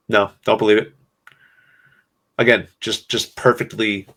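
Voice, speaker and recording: Man, podcast host, low voice, gravelly fry, somber and sarcastic, halting pauses. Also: a bit bright. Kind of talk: solo commentary podcast.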